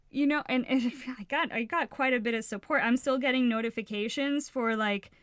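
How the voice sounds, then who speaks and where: A woman's voice: a little high, normal speed, a bit bright, no echo, clean studio sound. A woman co-hosting a casual podcast, talking frankly and with feeling, swearing freely and often restarting her sentences. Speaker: podcast co-host.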